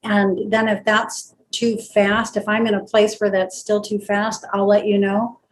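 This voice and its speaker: A woman's voice: mid-range voice, flat delivery, measured pace, slight background noise, rough recording. A woman talking casually and reflectively during a channeling practice session, thinking aloud with many fillers. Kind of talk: casual conversation.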